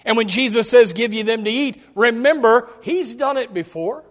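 A man's voice: very high-pitched, normal speed, fairly bright tone. A male pastor preaching a sermon, emphatic and direct with the congregation, repeating his key phrases. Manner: speaks straight to the congregation.

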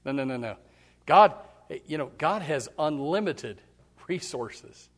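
A male pastor preaches a sermon in a slightly high, expressive, unhurried voice. He is emphatic and direct, speaking straight to the congregation and repeating his key phrases.

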